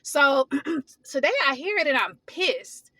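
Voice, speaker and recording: Casual woman vlogger, fairly high and bright, venting hard in slangy talk. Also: slow pace, no room sound. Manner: animated, venting, heated. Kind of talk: casual storytelling vlog.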